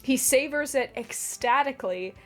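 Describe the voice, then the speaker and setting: A woman's voice: sits high, expressive, normal speed, soft background music. A woman hosting a video essay in casual commentary, with wry, sarcastic asides.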